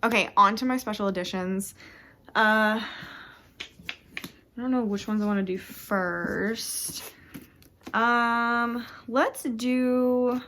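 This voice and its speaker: A woman's voice: a little high, slow pace, pauses often, a bit bright, a little hiss or hum. A young woman chatting casually about books at home for her vlog, rambling and interrupting herself. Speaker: book vlogger. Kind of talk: casual chat.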